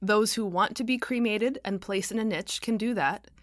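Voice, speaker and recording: A woman doing a calm earnest pastor. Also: high-pitched, normal speed, dry recording, clean studio sound, pitched above the performer's own voice. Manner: gentle, mirrors feelings back.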